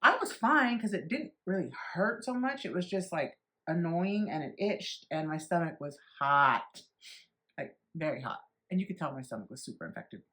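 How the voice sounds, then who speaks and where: A woman's voice: fairly low pitch, expressive, normal speed, a bit bright. A woman in her forties vlogging, telling a personal story candidly and bluntly, swearing freely and acting out what others said. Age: 40s. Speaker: beauty vlogger.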